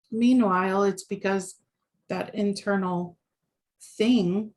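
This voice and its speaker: A woman relationship coach talking casually as a guest, animated, with many fillers and restarts. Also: medium pitch, slow pace. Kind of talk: casual conversation.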